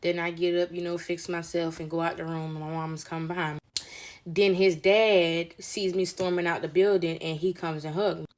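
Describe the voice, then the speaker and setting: A woman's voice: on the low side, flat delivery, moderate pace. A woman telling her story casually, quoting others along the way. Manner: chatty, recounts with quoted dialogue, drops to quiet. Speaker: storyteller in played storytime clip.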